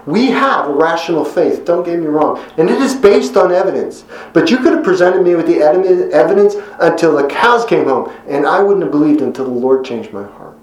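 Male preacher, slightly high voice, earnest conversational sermon with emphatic quotes, echoey room. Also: animated, fairly quick, hardly any pauses.

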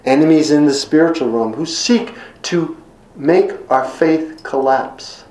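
A middle-aged male pastor delivers an earnest sermon, leaning on repeated words and slowing for scripture. His voice sits a little high for a man. The room around him is noticeably echoey. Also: darkish tone. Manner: earnest, emphatic repetitions, slows for scripture quotes.

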